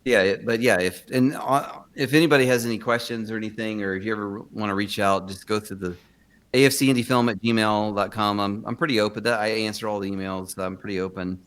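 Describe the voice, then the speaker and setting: A man's voice: fairly low pitch, fairly even intonation, fast, fairly bright tone. A man chatting casually as a guest about filmmaking, easygoing and loose. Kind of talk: casual chat.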